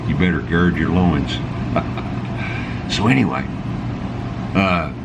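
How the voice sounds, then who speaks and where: Low-voiced folksy man over loud hum. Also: slow pace. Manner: folksy and chatty, chuckles between points. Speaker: Bible teacher. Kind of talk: casual Bible study talk. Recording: loud air-conditioning hum behind voice. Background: air conditioning noise.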